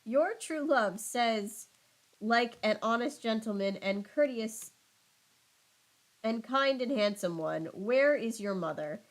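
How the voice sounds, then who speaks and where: A woman's voice: fairly high pitch, expressive, slow pace. A woman voicing an old female nurse who complains about her aches and rambles. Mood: grumbling. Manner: moaning, sulky, rambling.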